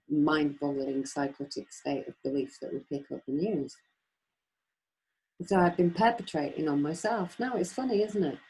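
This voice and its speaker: Woman webinar speaker, low husky voice, rambling and emphatic, rhetorical questions. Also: warm tone, poor audio. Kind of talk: impassioned off-the-cuff talk.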